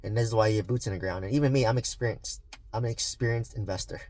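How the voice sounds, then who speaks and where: A man's voice: fairly low pitch, quick pace, darkish tone, no echo. A man vlogging about real estate investing, talking earnestly and rambling with many fillers and restarts. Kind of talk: casual vlog talk to camera.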